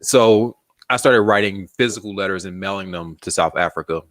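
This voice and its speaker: Deep-voiced man telling a story. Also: normal speed, a bit bright. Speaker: magazine founder, guest. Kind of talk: casual storytelling interview.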